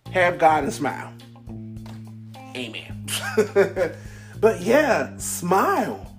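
A man's voice: extremely high pitch, fairly bright tone. A man giving casual, upbeat motivational talk to a camera, rambling and full of fillers. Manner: upbeat, preachy encouragement. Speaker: vlogger.

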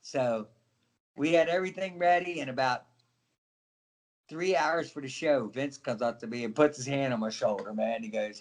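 A middle-aged man tells stories in a relaxed interview, with a voice pitched a little high. He is animated and slips into other people's voices as he goes. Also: normal speed. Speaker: guest, former wrestler. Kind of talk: casual storytelling interview.

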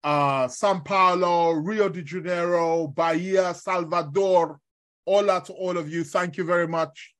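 A man's voice: sits high, fairly even intonation, a little slow. Rambling male astrology host, chatty. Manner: rambling, chatty, full of fillers and shout-outs. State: ill with covid, in bed. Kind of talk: casual live-stream talk. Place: in his bed at home.

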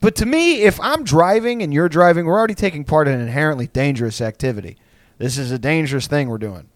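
A man's voice: on the high side, lively intonation, fast talker, dry recording, clean studio sound. A young man from Texas, rambling through crude comedic banter, laughing often and acting out insults. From South Houston, Texas.

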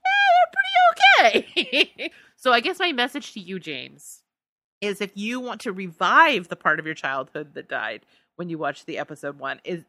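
A woman's voice: deep voice, bright, forceful tone, no room sound. A woman co-hosting a podcast in casual chat, reading listener answers aloud and laughing often. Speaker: podcast co-host.

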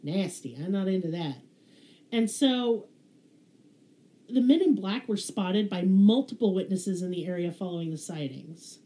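A woman podcast host with a Southern US twang, telling a story in a sarcastic, profane, animated way. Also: medium pitch, measured pace. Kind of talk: casual storytelling chat. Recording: roomy echo.

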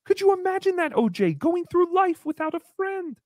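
A woman's voice: very high voice, very animated, normal speed, a little mellow, no room sound, studio quality. A woman hosting a podcast, giving sarcastic, theatrical commentary on a comedy roast. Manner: sarcastic, theatrical, slips into mocking voices. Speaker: podcast host.

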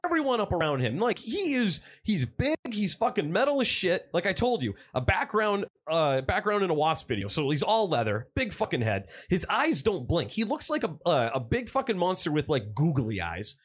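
A man co-hosting a casual chat, recapping a film in a profane, rambling, animated way. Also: high voice, normal speed, hardly any pauses, husky. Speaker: podcast co-host.

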